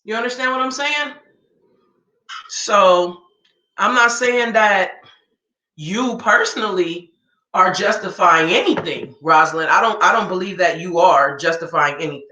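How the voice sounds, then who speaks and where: A woman's voice: mid-range voice, measured pace, sharp tone. A woman giving a reaction commentary rant, emphatic and informal, firing off rhetorical questions. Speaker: political commentator. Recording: roomy echo.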